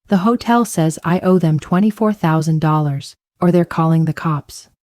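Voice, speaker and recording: A woman's voice: normal speed, darkish tone, no echo, clean studio sound, close to an everyday voice. A woman voicing a panicked young woman who pleads and whimpers, her voice climbing as she begs. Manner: pleading, tearful, rising to high pitch.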